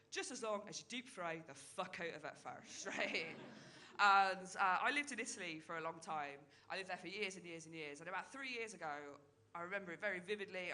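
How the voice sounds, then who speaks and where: A woman's voice: lowish voice, bright, forceful tone, a little hiss or hum. A woman in her thirties performing a chatty stand-up comedy set, tagging her lines with "right?" and "like". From Britain. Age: 30s.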